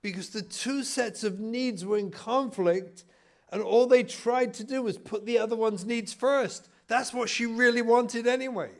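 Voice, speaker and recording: A man from Israel, a rabbi and family therapist, giving an animated lecture full of acted anecdotes. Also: extremely high pitch, a little slow. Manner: animated, storytelling, emphatic.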